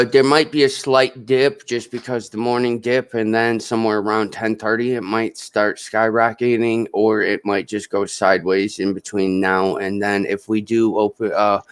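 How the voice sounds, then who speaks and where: A man's voice: fairly low pitch, clean tone, dry recording. A man in casual live-stream chat, explaining steadily and giving advice.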